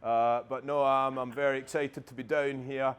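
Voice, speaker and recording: Chatty young Scottish comedian. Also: male voice, mid-range voice, flat delivery, normal speed, clean tone. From Scotland. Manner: chatty, self-deprecating, upbeat. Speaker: opening comedian. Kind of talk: casual to-camera chat.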